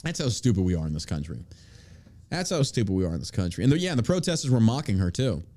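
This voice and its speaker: Male podcast host, angry profane rant, lively pitch, warm dark tone. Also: quick pace. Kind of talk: casual podcast chat.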